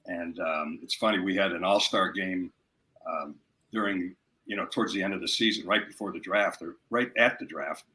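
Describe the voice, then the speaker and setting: A man from Chicago recounts his early days as a podcast guest. His voice sits very low but comes across bright and forceful, and he delivers stories in a plainspoken, matter-of-fact way. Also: normal speed. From Chicago, USA. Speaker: guest, former baseball manager. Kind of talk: casual storytelling interview.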